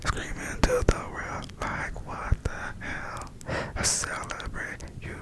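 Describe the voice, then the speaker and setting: A man softly speaking and whispering in a chatty ASMR review, full of fillers, close to the mic. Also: slow pace, poor audio. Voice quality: whispery, breathy.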